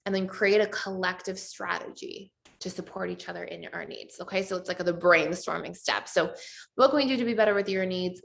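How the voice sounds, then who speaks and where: A woman with a mid-range voice and vocal fry teaches a relationship class as a coach. She speaks conversationally, using many fillers and acting out short quotes.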